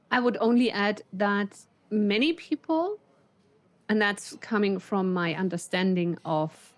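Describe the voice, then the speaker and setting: A woman's voice: medium pitch, no echo. A woman co-hosting a casual business podcast, speaking fluently and assertively. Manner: fluent, assertive, acts out quotes. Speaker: podcast co-host.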